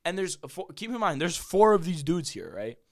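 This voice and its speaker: A man's voice: sits high, big pitch swings, fairly quick. Rambling young man telling a story. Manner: rambling, heavy on "like" and "bro", laughs often. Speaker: podcast guest. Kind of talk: casual storytelling chat.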